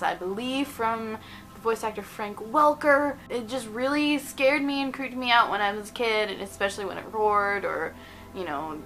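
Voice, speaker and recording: A young woman in her twenties hosting a casual countdown vlog, chatty and animated, often giggling between points. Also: medium pitch, rough recording. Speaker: video host.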